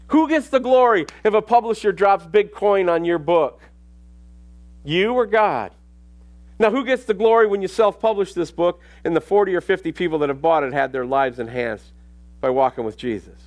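Emphatic higher-voiced male preacher. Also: moderate pace, long pauses. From Minneapolis. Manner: emphatic, repetitive, rises to loud preaching. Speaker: pastor. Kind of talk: sermon with personal storytelling.

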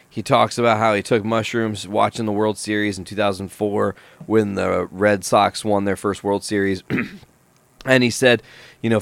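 A man with a fairly low voice tells stories on a podcast in a loose, swearing, animated way. The sound is close and dry. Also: vocal fry, dry recording. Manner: casual, profane, animated storytelling. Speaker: podcast host. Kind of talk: casual podcast chat, storytelling.

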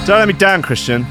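A man hosting a radio show in casual chat, rambling, sweary and sarcastic, on a studio mic. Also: medium pitch.

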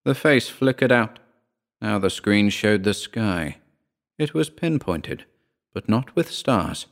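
A man reading a first-person story aloud in a wry, measured way. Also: fairly low pitch, lively intonation, creaky. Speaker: narrator.

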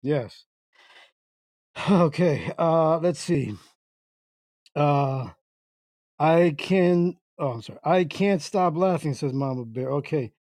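Slow-talking man hosting a joking livestream. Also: on the high side, expressive, darkish tone, no room sound. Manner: playfully confused, stumbling through words. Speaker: internet radio host. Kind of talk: joking livestream reading chat comments aloud.

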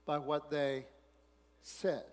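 A man pastor preaching a sermon, reading scripture quietly, then rising into loud, excited preaching. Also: on the high side, drawn-out words, in a large hall.

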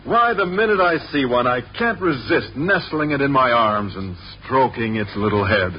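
A man's voice: medium pitch, lively intonation, normal speed, close to an everyday voice. A man playing a bashful biology teacher. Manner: bashful, earnest, stammering. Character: shy, mild-mannered male biology teacher. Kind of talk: 1950s radio sitcom acting. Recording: dull old radio recording with hiss.

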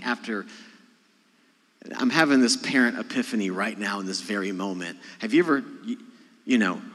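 A man preaching a sermon, talking to his congregation in a conversational way, rising to loud emphasis and dropping to quiet asides. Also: mid-range voice, fairly quick. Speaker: pastor. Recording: long hall reverb.

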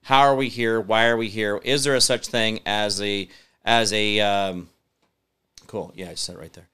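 Reading out viewer comments on his live-stream show, a man talks emphatically and rambles with plenty of fillers. His lowish voice is steady, smooth, and sharp in tone, and he speaks at a normal speed.

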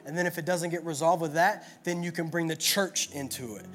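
A man's voice: on the high side, fairly even intonation, fairly quick, a bit bright, soft background music. A man preaching a sermon at a church gathering in an earnest, repetitive style full of rhetorical questions. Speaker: pastor.

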